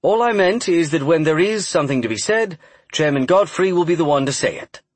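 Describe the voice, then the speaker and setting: A man's voice: on the high side, expressive, brisk, slightly rough, no room sound, pitched above the performer's own voice. Man doing a stiffly proper political aide. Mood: evasive. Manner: well-practiced proper voice, hiding accent.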